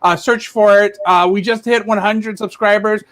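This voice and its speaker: A man with a notably high voice hosts a livestream panel over a video call. He moderates in a steady, organized way and hands the turn to each guest in order. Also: moderate pace. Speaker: panel host.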